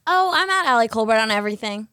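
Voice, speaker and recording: A woman's voice: a little high, animated, fast talker, bright, forceful tone, smooth, no echo, clean studio sound. A woman comedian in her thirties chatting casually as a podcast guest, trailing off and swearing freely. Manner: laughs a lot, swears, trails off.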